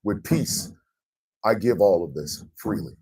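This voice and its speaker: A man's voice: lowish voice, expressive, measured pace, a little mellow, recorded from a distance, low-quality recording. An American man hosting a radio morning show, speaking in an emphatic, blunt and profane monologue. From United States.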